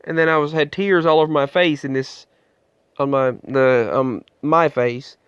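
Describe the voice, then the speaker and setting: A man telling his own story in a vlog, earnest and halting, often restarting his sentences, recorded on an earbud microphone indoors. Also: a little high, steady tone, a bit bright, smooth, no echo. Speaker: vlogger. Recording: muffled, dull sound.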